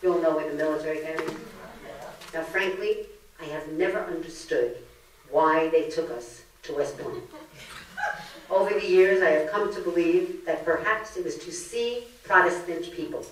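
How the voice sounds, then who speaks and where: A woman's voice: sits low, moderate pace, slight background noise. An older woman from Brooklyn, giving a comedic lecture full of jokes and stories. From Brooklyn, New York. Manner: joke-telling, lively storyteller. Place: library meeting room. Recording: echoey room, distant mic.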